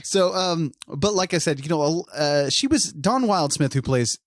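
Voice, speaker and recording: Brief: podcast co-host, loose and rambling, swears freely, pitch jumps around, dry close sound. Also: animated, unhurried, no room sound. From Oklahoma. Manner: profane, laughs often, rambling. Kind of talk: casual chat.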